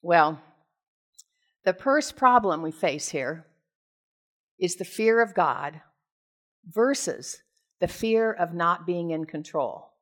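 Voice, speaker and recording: A woman's voice: fairly low pitch, expressive, slow, pauses often, a bit bright. A woman preacher from the United States reads a Bible passage aloud, retelling parts of it in casual storytelling asides, then preaches on it and puts questions to the congregation. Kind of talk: scripture reading and sermon.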